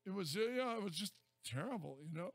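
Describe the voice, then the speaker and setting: A man's voice: high voice, animated, fast, fairly bright tone, dry recording. A man co-hosting a radio show, telling stories and teasing the others in casual banter. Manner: storytelling, sarcastic, teasing. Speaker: radio co-host.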